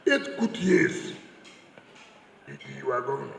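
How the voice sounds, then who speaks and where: A man's voice: medium pitch, big pitch swings, measured pace, creaky, a bit bright, slight background noise. A Nigerian man giving a combative political speech, mocking and repeating phrases for emphasis. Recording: echoey hall, from a distance.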